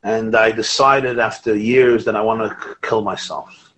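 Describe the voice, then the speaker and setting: A man's voice: on the low side, steady tone, moderate pace, a bit bright, lightly acted, rough recording. A man voicing a miserable, despairing man at a bar, telling it as a joke in a lesson.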